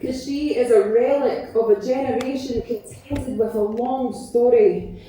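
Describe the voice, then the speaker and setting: A woman's voice: a little high, steady tone, a little slow, dark tone, a little hiss or hum. A woman performing spoken word poetry live on stage, with a rhythmic, emphatic delivery. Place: large concert venue. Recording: echoey venue from far off, with music.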